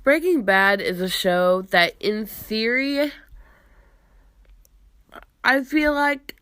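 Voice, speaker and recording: Slow-talking congested young woman. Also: on the high side, expressive, a bit bright, no room sound, studio quality. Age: young adult. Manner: drawn-out, sarcastic, exasperated sighs. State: congested from a cold. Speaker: podcast host. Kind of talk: casual chat.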